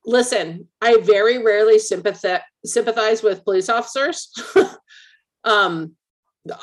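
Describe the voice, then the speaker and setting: A woman's voice: mid-range voice, unhurried. A woman co-hosting a podcast, talking bluntly and opinionatedly, swearing freely. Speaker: podcast co-host. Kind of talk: casual chat.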